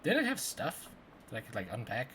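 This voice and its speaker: A man's voice: medium pitch, wildly swooping pitch, fairly quick, pushed and bright. A man playing a video game, reading its text aloud and adding offhand asides. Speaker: game streamer. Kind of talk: let's play commentary. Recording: background noise.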